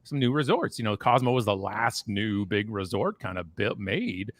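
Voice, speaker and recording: A man in his forties on a video call, telling stories in a casual, animated way that often slides into a rant. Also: fairly low pitch, moderate pace. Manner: animated ranting storyteller. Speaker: guest. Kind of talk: casual chat on a live stream.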